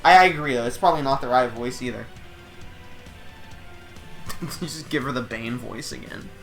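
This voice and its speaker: A man streaming a game playthrough, bantering and joking excitedly. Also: mid-range voice, normal speed, soft background music. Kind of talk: let's-play commentary.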